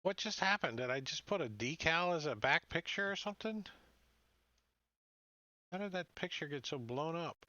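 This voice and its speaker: A man's voice: on the high side, expressive, normal speed, pauses often, bright, forceful tone, dry recording. A man running a tabletop game as dungeon master, rambling and joking as he narrates over voice chat. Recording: dull lo-fi mic.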